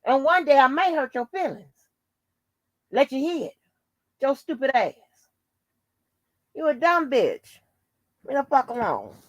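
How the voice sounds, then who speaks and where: Her high-pitched voice takes on a sing-song quality as she rants furiously at the camera, swearing and throwing out taunts and insults. The channel host keeps a moderate pace, pausing often, in a dry recording.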